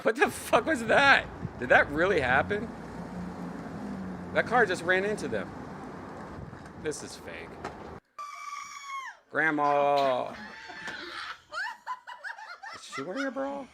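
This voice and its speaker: A man talks over clips in a loose, profane reaction commentary, and his pitch leaps all over the place from one exclamation to the next. His exasperation spills into laughs and shouts, and a steady noise sits under his voice throughout the recording. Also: slow, pauses often. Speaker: host reacting to a video list.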